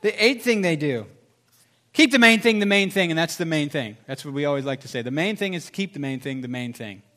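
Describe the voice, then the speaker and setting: A man delivers a lively sermon in a slightly high voice. He punches key phrases loudly, then drops into hushed, confiding tones. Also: brisk. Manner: animated preacher, swings from loud emphasis to soft confessional tones. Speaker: pastor.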